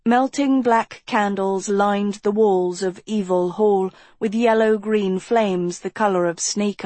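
Woman, audiobook narrator, slow pace, measured storytelling, dry close studio sound. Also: medium pitch, darkish tone, no echo. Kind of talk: scripted fantasy narration.

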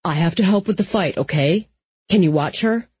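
A woman's voice: fairly low pitch, moderate pace, a little mellow, breathy edge, dry recording, highs cut off. A woman voicing a male cop under pressure, talking urgently in short clipped phrases, raising his voice over noise.

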